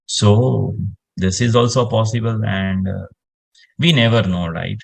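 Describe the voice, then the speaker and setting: A man's voice: fairly low pitch, measured pace, creaky. A man, explaining space science in casual conversation and rambling with lots of "you know" fillers.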